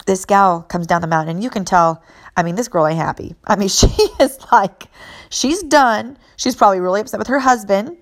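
Earnest motivational woman storyteller. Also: mid-range voice. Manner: earnest, emphatic, repeats key phrases. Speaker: mother and fitness and mindset coach.

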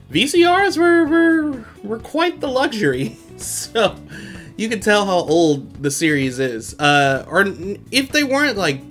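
A man's voice: fairly high pitch, fairly bright tone. Laid-back slangy young guy. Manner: slangy, laughs often, quotes characters in his own voice. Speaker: podcast host. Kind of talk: casual anime episode recap.

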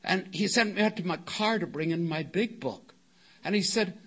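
A man's voice: sits high, normal speed, slightly rough. An older man from California speaking at a recovery meeting, telling a long wry story and quoting people as he goes. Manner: wry anecdotal storytelling, quotes others in lively voices. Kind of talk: storytelling talk to a live meeting. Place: meeting hall before an audience.

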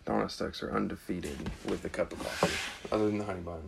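A man's voice: deep voice, steady tone, quick pace, vocal fry, very noisy. A young man co-hosting a podcast, trading laid-back, crude banter with his friends. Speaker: podcast co-host. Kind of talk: casual chat.

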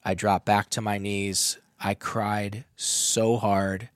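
A man recounts a personal story in a candid, heavily profane way, his voice rising as he gets worked up. His voice sits somewhat low. The sound is dry and close. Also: slow, dry recording. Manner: emotional, profane, animated storytelling.

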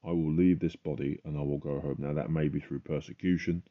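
A man's voice: a bass voice, steady tone, a little fast, lo-fi sound. A man hosting a podcast, giving a fervent, emphatic religious testimony.

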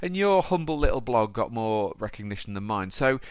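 A man's voice: on the low side, sing-song, moderate pace, dry recording. A man hosting a podcast, chatty and upbeat, calling his guest mate and fella. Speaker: podcast host. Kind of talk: casual podcast interview.

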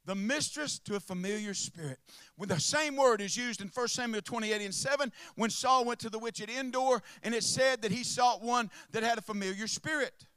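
A man preaching a sermon to a congregation, swinging from hushed asides to impassioned shouts and calling out to listeners by name. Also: extremely high pitch, moderate pace, hardly any pauses, clear, resonant tone, no room sound. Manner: calls out to the congregation.

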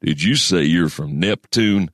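A man voicing a giant, blunt gold prospector with a gruff manner. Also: low voice, unhurried, a bit bright, no echo, clean studio sound.

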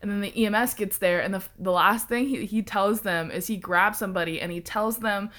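A woman telling a story in a casual chat, animated, laughing often and swearing freely. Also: mid-range voice, a little fast.

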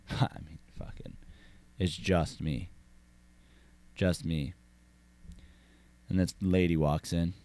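An actor playing a lonesome, boastful cowboy rancher with a Southern drawl, rambling deadpan with tough-guy bravado and swearing. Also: deep voice, takes it slowly, long pauses, no room sound. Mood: brooding. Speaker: comedy character host. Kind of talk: deadpan comic monologue.

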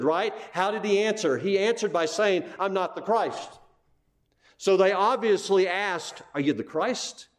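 A man's voice: sits high, a little mellow. A male pastor giving an expository sermon, stressing key words and asking his listeners questions. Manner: emphatic, repeats key phrases, asks the listeners questions. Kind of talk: expository Bible teaching.

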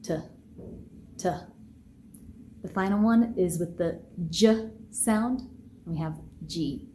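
A woman teaching pronunciation in a podcast lesson, speaking very slowly and clearly in a lowish voice. She sounds out each part of a word with deliberate care. A faint hiss sits under the voice. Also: dark tone. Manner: slow, deliberate, carefully enunciated sounds.

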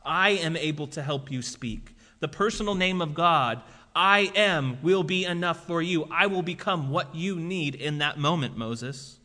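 A man's voice: fairly high pitch, unhurried, hardly any pauses, bright, forceful tone. A man preaching a sermon as a pastor, talking casually with lots of fillers and asides. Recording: long reverb of a large hall.

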